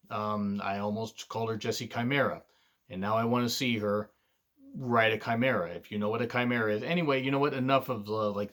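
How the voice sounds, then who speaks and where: A man's voice: mid-range voice, fairly bright tone. A man reviewing a wrestling show in a casual monologue, blunt and profane, drifting into digressions with lots of fillers.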